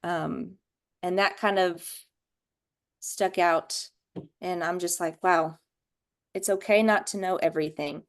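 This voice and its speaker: A woman sharing book notes in a casual video-call discussion, unhurried and thoughtful, with many ums. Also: on the low side, steady tone. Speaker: book study participant.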